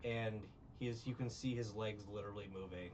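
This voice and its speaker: A man casually recapping an old movie in a podcast chat, sarcastic and lively when he mimics the characters. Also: lowish voice, fairly quick, recorded from a distance. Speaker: podcast co-host. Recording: muffled lo-fi recording from off-mic with faint hiss.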